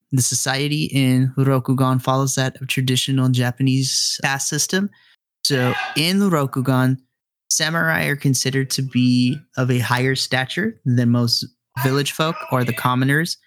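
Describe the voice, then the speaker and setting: A man's voice: mid-range voice, a bit bright, no echo. A man narrating a tabletop role-playing game as game master, describing scenes and explaining the setting.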